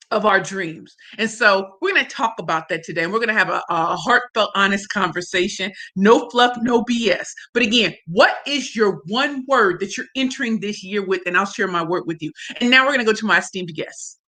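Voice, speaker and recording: A woman's voice: medium pitch, animated, moderate pace, a bit bright. A woman hosting a livestream, chatting effusively and in slang, greeting viewers by name and reading their comments aloud. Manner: slangy and emphatic. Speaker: livestream host. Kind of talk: casual livestream chat.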